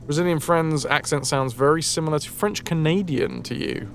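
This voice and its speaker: A man with a gravelly, slightly high voice and a northern English Yorkshire accent streams a game, speaking at normal speed with faint music behind him. In casual live-stream chat, he muses aloud and answers his chat.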